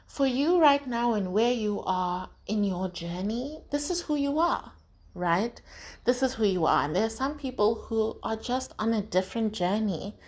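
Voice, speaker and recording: A woman's voice: fairly high pitch, lively intonation, unhurried. Frank South African woman podcasting. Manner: frank and profane, rhetorical "right?" tags. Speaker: podcast host. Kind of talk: casual motivational monologue.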